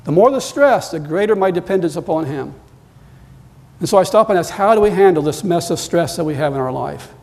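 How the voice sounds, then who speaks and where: A man preaching a sermon as pastor, telling stories and climbing louder and higher when he presses a point. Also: expressive, a little fast, gravelly. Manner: storytelling, rising in pitch and volume when emphatic. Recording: long reverb of a large hall.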